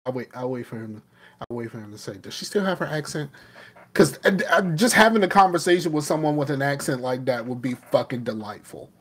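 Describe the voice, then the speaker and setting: A man's voice: mid-range voice, lively intonation, fairly quick. A man hosting a podcast in loose, rambling casual chat, laughing often as he talks. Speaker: podcast host.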